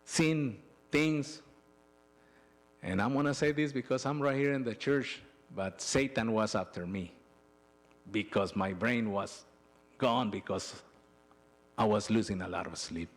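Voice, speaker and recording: A middle-aged man giving a personal testimony in a church, telling his story in an emotional, halting way with frequent restarts. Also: fairly low pitch. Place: church sanctuary.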